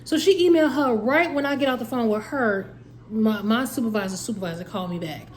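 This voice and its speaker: A woman's voice: on the high side, a little fast, slight background noise. A woman, casually telling a story and acting out both sides of the conversation. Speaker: family vlogger.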